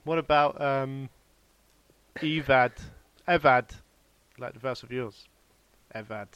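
A man's voice: medium pitch, slow pace, fairly bright tone, clean tone, no echo, highs cut off. A man from England co-hosting a podcast over a video call, joking and giggling, often trailing off mid-sentence. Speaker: podcast co-host. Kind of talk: casual chat.

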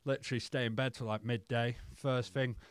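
A man's voice: medium pitch, fairly even intonation, brisk, smooth, no room sound. Swearing, rambling man, dry sound. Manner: peppers speech with "mate" and swearing; loose, rambling with restarts. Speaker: podcast guest. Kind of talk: candid casual storytelling.

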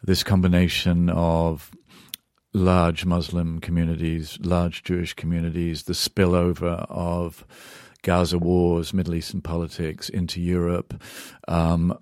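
A man's voice: low voice, completely flat delivery, measured pace, darkish tone, no echo, studio quality. A middle-aged Englishman, an author and journalist answering interview questions in a thoughtful way, searching for words and turning emphatic when moved. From England.

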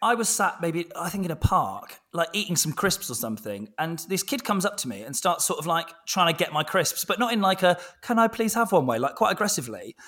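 Man, high voice, very lively pitch, casual podcast host, storytelling. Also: a little fast, hardly any pauses. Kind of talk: casual chat.

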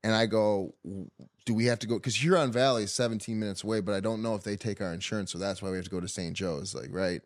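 A man in his thirties from telling a story on a podcast, animated, swearing and acting out what others said. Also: lowish voice, fast, no room sound, clean studio sound. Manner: animated, acts out quoted voices, swears. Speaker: podcast co-host. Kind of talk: casual storytelling chat.

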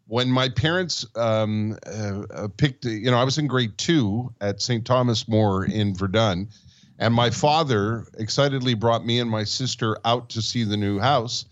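A man's voice: medium pitch, unhurried, lo-fi sound. Man in his sixties, from Montreal, casual podcast co-host, rambling storyteller, laughs often. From Montreal, Canada. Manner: rambling, laughing while telling stories.

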